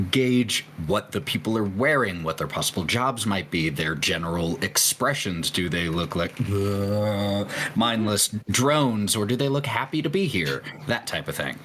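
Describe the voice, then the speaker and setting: A man playing a tabletop game, asking his game master curious, animated questions. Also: low-pitched, unhurried, slight background noise. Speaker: player.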